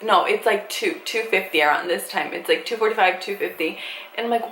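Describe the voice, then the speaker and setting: A young woman vlogger casually telling a story, animated and swearing freely as she acts out what people said. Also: a little high, a little fast. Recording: echoey room with faint ambient noise.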